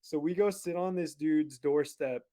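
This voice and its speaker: A man who is a podcast guest, telling a story in a casual, animated way and laughing as he goes. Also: fairly high pitch, measured pace.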